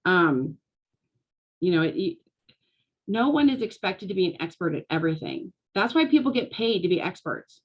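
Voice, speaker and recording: Woman, forties, casual talk, lively storytelling, laughs often. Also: lowish voice, normal speed, slightly rough, lo-fi sound. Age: 40s. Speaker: small business coach. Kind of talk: casual talk to a live audience.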